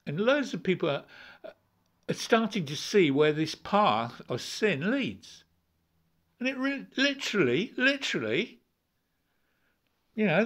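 A man's voice: sits high, a bit bright. A man preaching an informal, rambling sermon, repeating words and chuckling as he goes.

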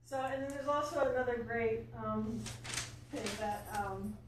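A woman's voice: a little high, unhurried. A woman life coach giving a casual, earnest motivational talk to a small audience, with frequent fillers and asides. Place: library event room. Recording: echoey room recorded from far off, faint background hum.

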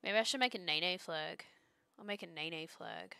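A woman's voice: lowish voice, big pitch swings, moderate pace, gravelly, pushed and bright, smooth, dry recording. A young woman chatting casually as a streamer while she draws pixel art, joking around and trailing off into restarts.

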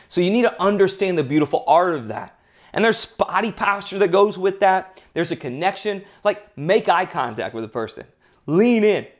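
A man hosting a podcast who gives an earnest, emphatic motivational talk and tells anecdotes. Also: high-pitched. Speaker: podcast host.

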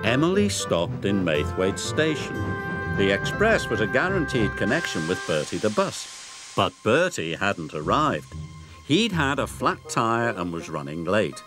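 A man narrating a children's story in an animated storyteller's manner, over music. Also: fairly low pitch, a little slow. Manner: animated, storyteller's sing-song.

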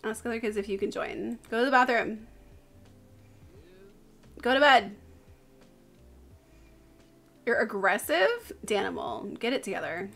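A woman streamer gives live commentary as she plays a game, and she sounds worn out. She speaks slowly, with a gravelly fry in her voice, and keeps addressing her characters directly in a chatty way. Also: on the high side, animated, fairly bright tone, faint music behind. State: tired.

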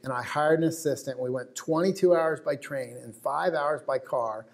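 A man's voice: fairly high pitch, normal speed, vocal fry. An American man giving a talk to a live audience, telling stories in a chatty way with asides to the crowd. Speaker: wildlife photographer giving a talk. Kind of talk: lecture to an audience.

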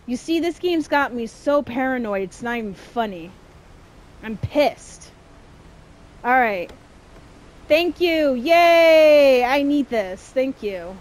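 A woman streaming a horror game, chatting and swearing, jumpy and quick to shout when chased. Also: a little high, expressive. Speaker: gameplay streamer. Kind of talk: casual let's-play commentary.

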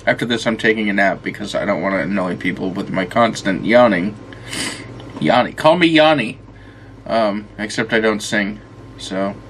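A man's voice: on the low side, steady tone, moderate pace, fairly bright tone, slight background noise. A man giving casual let's-play commentary, rambling and swearing often as he talks to the game, tired and yawning. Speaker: gameplay commentator.

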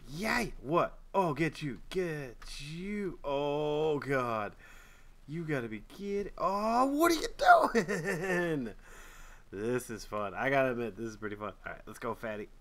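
Gamer host, male, bright and expressive, yelps then mutters, light music behind. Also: on the high side, unhurried. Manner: excitable, swings from loud yelps to muttered grumbling; swears and trash-talks the game. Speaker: gaming channel host. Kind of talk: casual gameplay commentary.

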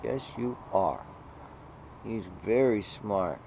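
A man's voice: fairly low pitch, animated, slow, gravelly, mellow, a little hiss or hum. A man filming his cats at home, chatting casually and cooing doting baby talk at his pets between rambling asides. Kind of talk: casual home video chat.

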